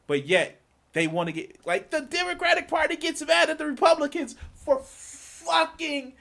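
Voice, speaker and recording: A man's voice: extremely high pitch, expressive, moderate pace, vocal fry, a bit bright. A man streaming, delivering a heated, profane political rant, repeating himself and swearing often.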